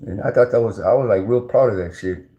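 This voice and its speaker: A man's voice: fairly low pitch, quick pace, mellow, lo-fi sound. A man, telling stories in a slangy, rambling way, full of restarts and fillers. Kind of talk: casual storytelling.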